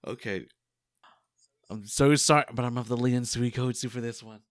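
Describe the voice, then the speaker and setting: A man's voice: medium pitch, steady tone, normal speed, dry recording, clean studio sound. A man co-hosting a podcast, making playful quips and jokes. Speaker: podcast co-host. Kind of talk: casual podcast chat.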